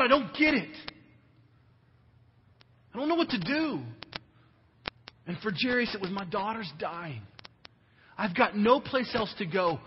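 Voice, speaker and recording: A man preaching a sermon, swinging between loud emphasis and hushed, almost whispered lines. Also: extremely high pitch. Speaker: pastor. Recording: dull lo-fi audio with long hall reverb and faint noise.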